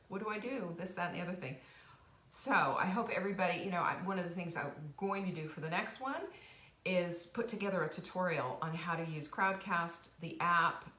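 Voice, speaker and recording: A woman's voice: on the low side, pushed and bright. A woman hosting a casual motivational live stream, chatty and encouraging, with frequent restarts and asides. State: sniffly from dust, coughing now and then. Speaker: host of a cooking and life show. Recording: roomy home live stream, faint hiss.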